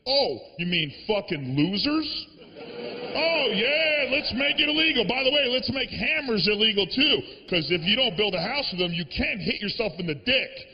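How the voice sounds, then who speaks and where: Man, stand-up comedian, high-pitched, brash, profane, shouty, faint hiss, lo-fi. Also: expressive, moderate pace, long reverb tail. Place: stage, live show. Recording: dull lo-fi live recording.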